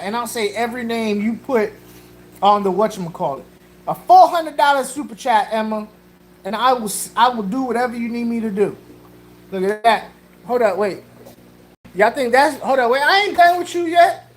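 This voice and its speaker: A woman hosting a casual livestream, joking loosely with slang, laughing and greeting chatters by name. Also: a little high. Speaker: livestream host.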